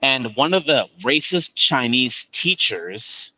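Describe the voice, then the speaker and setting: A man chatting casually on a live stream, telling a profane story with animated energy. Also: medium pitch, takes it slowly, husky, low-quality recording. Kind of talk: casual chat.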